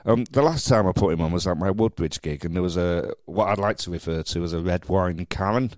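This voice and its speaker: A man hosting a podcast, telling stories in a lively, casual way with stammered restarts. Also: deep voice, brisk, no room sound. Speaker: podcast host.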